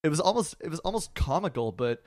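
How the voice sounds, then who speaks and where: A man who is a guest on a podcast. He tells a story in a halting way, with many restarts, and laughs as he talks. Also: a little high, very animated, darkish tone, dry recording. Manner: halting, full of restarts, laughs while talking. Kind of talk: casual storytelling.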